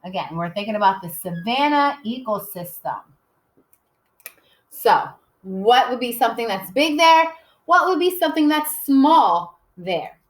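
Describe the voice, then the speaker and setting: A woman kindergarten teacher giving a recorded writing lesson, slowly sounding out words and spelling them letter by letter in a patient, encouraging way. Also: fairly high pitch, expressive, low-quality recording. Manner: patient and encouraging, often checks with "okay?".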